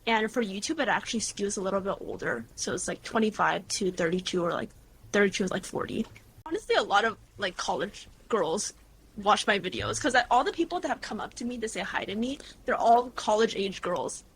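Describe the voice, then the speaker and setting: A woman in her twenties, a guest creator, chatting casually in an interview with lively storytelling and lots of fillers. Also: mid-range voice, fairly quick, slight background noise. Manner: bubbly, animated storytelling with frequent "like" and laughs.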